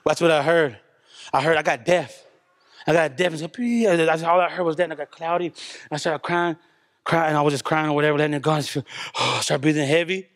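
At a church service, a congregation member gives an emotional testimony about a personal spiritual experience, talking fast in a fairly high, slightly bright voice with a steady tone. His delivery is earnest and conversational, marked by repetition and a habit of saying "man."

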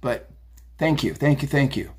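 Tarot reader, male, husky, mid-pitched; blunt, profane, fired-up rambling. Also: moderate pace. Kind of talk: casual profane psychic rant. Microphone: phone video.

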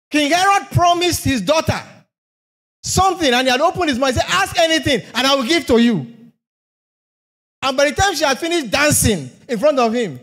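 A man's voice: very high voice, a bit bright. A man preaching a sermon, emphatic, asking rhetorical questions and repeating phrases for effect.

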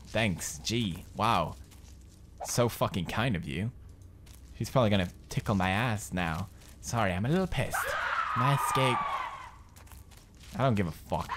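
A man's voice: fairly low pitch, noisy background. A young man in his twenties giving jumpy, swearing commentary while playing a horror game. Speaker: gamer commentator.

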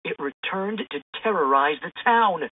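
Woman voicing hushed older male mayor, low, gloomy, tinny. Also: expressive, a little slow. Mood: ominous. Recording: tinny phone-like sound.

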